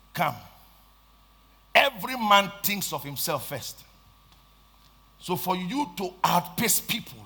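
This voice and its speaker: A man with a Nigerian accent preaching a sermon, swinging between shouted lines and hushed asides and repeating phrases for emphasis. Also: sits high, gravelly, husky. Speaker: pastor.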